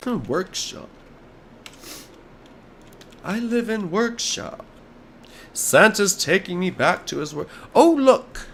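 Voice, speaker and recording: A hoarse American man doing a live astrology chart reading, rambling and easily sidetracked, with jokey asides. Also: a little high, pushed and bright, slight background noise.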